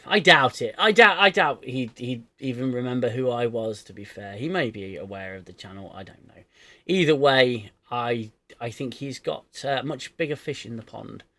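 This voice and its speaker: A man's voice: mid-range voice, lively intonation, unhurried, bright, forceful tone, no echo. A man hosting a casual livestream chat, hesitant and self-deprecating, often restarting his sentences. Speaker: livestream host.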